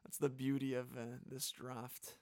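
A man's voice: mid-range voice, flat delivery, measured pace, darkish tone, no room sound, clean studio sound. A man casually chatting on a podcast, talkative and enthusiastic, full of "like" fillers. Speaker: podcast co-host drafting movie characters.

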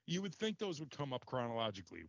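A man telling an embarrassing story in casual chat, animated and exasperated, swearing casually. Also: mid-range voice, fast, dry recording, muffled recording.

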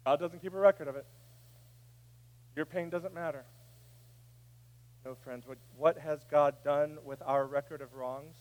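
Guy preaching a sermon, high voice, goes soft then yells. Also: fairly even intonation, unhurried, pauses often. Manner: preaching, swinging from hushed to shouting. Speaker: pastor.

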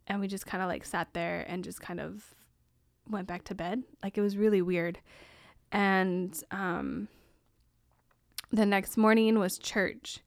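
A woman's voice: medium pitch, fairly even intonation, measured pace, vocal fry, pauses often, no room sound, studio quality. Candid young woman podcast host. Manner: casual, candid, says "like" often. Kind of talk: personal storytelling.

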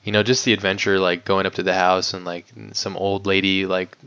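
A man's voice: sits low, level tone, brisk, bright, forceful tone, clear, resonant tone. A man talking as a guest filmmaker in a casual interview, rambling with lots of "like" and the odd swear word. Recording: dull lo-fi audio.

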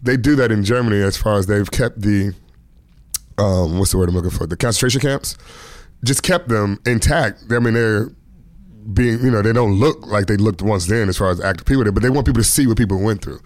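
This guest is a stand-up comic from around Washington, D.C., probably 30s to 40s, spinning laid-back stories during a casual interview and laughing frequently. He talks briskly in a lowish, somewhat dark voice, and the studio audio is clean with no audible room.

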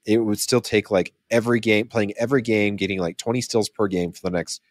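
Low-voiced man rambling through numbers. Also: steady tone, a little fast, no room sound, clean studio sound. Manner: rambling, self-correcting, restarts often. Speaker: podcast co-host. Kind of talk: casual chat.

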